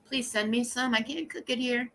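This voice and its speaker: A woman hosting a casual livestream, chatting in a rambling, blunt and animated way and greeting viewers by name. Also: fairly high pitch, normal speed, gravelly, slight background noise. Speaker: livestream host.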